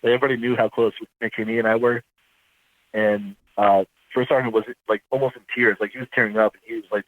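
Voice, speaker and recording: Man, veteran guest, halting rambling telling, thin phone-line sound, dry. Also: on the low side, steady tone, dry recording. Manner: rambling, halting, self-correcting. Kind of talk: casual storytelling interview.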